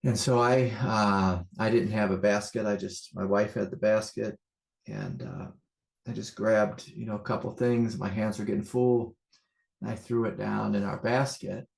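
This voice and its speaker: A man, a spiritual teacher, telling a story to a group in an animated way and then speaking slowly and softly about awareness. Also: fairly low pitch, creaky, reverberant. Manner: animated storytelling, loud mock-yelling; slow, soft, meditative.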